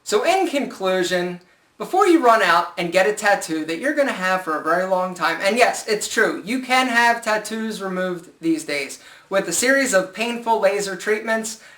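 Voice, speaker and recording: A man's voice: high voice, normal speed. A man giving casual style advice in a joking, sarcastic vlog. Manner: joking, sarcastic, animated asides. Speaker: style vlogger. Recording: echoey room.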